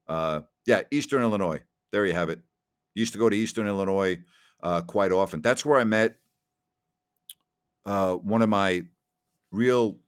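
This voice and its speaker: A man's voice: fairly low pitch, dry recording, studio quality. A middle-aged man from New York hosting a radio talk show, telling rambling, nostalgic stories with plenty of fillers. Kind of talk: casual call-in show chat.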